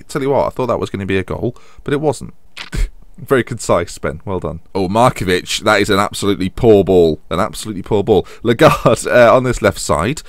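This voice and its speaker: A man's voice: on the low side, dry recording. A young man commentating on a football management game, rambling and teasing himself as he goes. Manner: self-mocking, rambling, chuckles often. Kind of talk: casual let's-play commentary.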